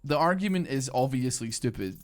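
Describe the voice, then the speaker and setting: A man's voice: medium pitch, lively intonation, fairly quick. A young British man streaming a game, chatting loosely with viewers and rambling with lots of fillers and restarts. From Britain. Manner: rambling, filler-heavy, restarts mid-thought. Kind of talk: live gameplay commentary, chatting with viewers. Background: faint game music.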